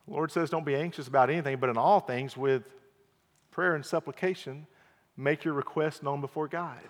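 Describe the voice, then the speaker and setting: A man preaching an earnest evening sermon, repeating key phrases and swinging from quiet to loud emphasis. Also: fairly high pitch. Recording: long hall reverb.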